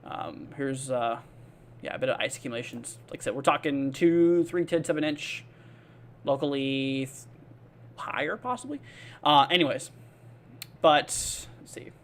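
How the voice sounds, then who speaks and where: His voice is medium-pitched, animated, and fairly bright, at normal speed with frequent pauses. He hosts a live weather stream, rambling casually with lots of fillers and answering viewers by name as he reads their comments, friendly and laid-back throughout.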